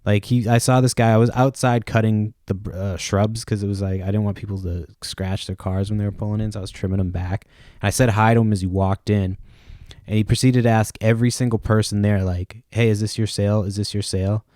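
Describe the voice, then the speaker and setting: Podcast host, male, low mellow voice, dry close sound, loose profane rambling delivery. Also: fairly even intonation, a little fast, no room sound. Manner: casual, profane, rambling with many fillers. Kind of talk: rambling solo podcast talk.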